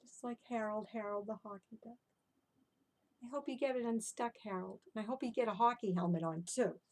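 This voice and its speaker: A woman reading her own animal rhymes to young children, animated and encouraging, often stopping to ask the listener questions. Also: a little high, a little fast. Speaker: children's storyteller. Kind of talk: interactive storytelling for children.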